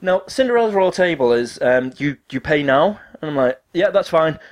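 A man's voice: fairly high pitch, normal speed. A young man telling a story in casual chat, swearing freely and acting out what other people said. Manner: animated, swears often, acts out quoted dialogue.

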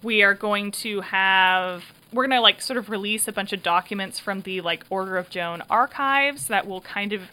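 A woman's voice: medium pitch, normal speed, few pauses, pushed and bright. A woman hosting a podcast wrap-up in casual chat, laughing often and filling gaps with um and uh. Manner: chatty, laughs often, frequent fillers. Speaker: podcast host and creator.

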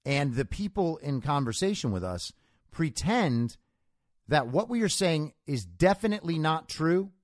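A male show host giving a solo commentary in a conversational, storytelling manner. His pitch moves a lot and his delivery is emphatic. He sounds close and dry, with no room echo. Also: very animated, unhurried.

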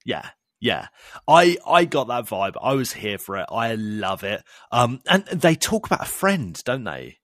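A man, co-hosting a casual fan podcast and gushing excitedly about the show. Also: medium pitch, a little slow, dry recording, clean studio sound. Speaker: podcast co-host.

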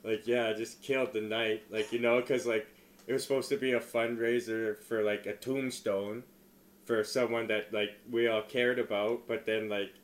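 A man telling a stand-up story in casual chat, laughing often, filling with "like" and moving from low mumbling to loud excited retelling. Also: normal speed. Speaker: stand-up comedian.

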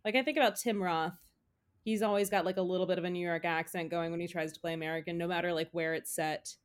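A woman's voice: fairly low pitch, steady tone, fast talker, clear, resonant tone. A woman co-hosting a podcast, chatting about films in a giggly, affectionate way. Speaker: podcast co-host. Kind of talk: casual film chat.

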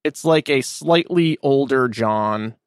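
A man's voice: mid-range voice, takes it slowly, clean tone, no room sound, studio quality. A man hosting a podcast, chatting casually and rambling with fillers. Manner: rambling, loose, with many fillers and restarts. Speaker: podcast host. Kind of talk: casual chat.

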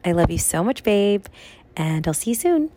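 A woman's voice: mid-range voice, very animated, moderate pace, mellow, no room sound. A woman recording an affectionate, gushing video message with a question for a friend. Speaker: guest sending a recorded question.

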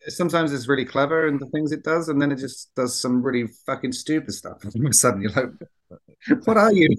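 A man's voice: medium pitch, fast talker, few pauses. Hesitant, swearing man chatting films. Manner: hesitant, filler-heavy, profane, laughs easily. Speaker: podcast co-host. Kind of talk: casual chat.

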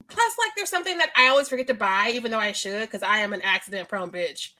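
A podcast co-host chats casually in a fast, medium-pitched voice that's pushed and bright with lively intonation. She's playful, laughs a lot, and gives dramatic retellings.

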